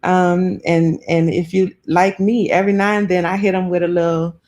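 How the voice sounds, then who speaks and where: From her South Florida home, a New Orleans-born woman with a matching accent chats with her live-stream audience, reading comments and laughing often. Her voice is lowish and darkish, her delivery flat, and her speed normal.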